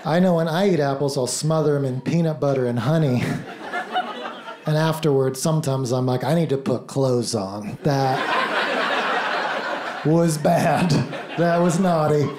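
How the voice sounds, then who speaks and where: A man doing stand-up, delivering dry, deadpan punchlines with mock-earnest asides. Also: on the high side, measured pace, long pauses. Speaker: stand-up comedian. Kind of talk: stand-up set. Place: comedy club stage before a laughing crowd. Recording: echoey, noisy live club recording.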